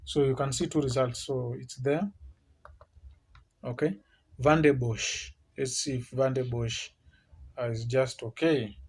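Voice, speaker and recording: A man's voice: mid-range voice, fairly even intonation, a little slow, pauses often, breathy edge. A man giving a screen-share tutorial on academic writing, explaining step by step with many restarts and tag questions like "eh?" and "okay?".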